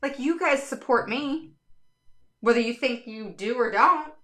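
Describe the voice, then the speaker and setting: A middle-aged woman talks straight to her viewers as a special education advocate, blunt and unsugarcoated, with the odd casual curse. Her voice is bright and sits a little high. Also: unhurried. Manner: frank, blunt, swears casually.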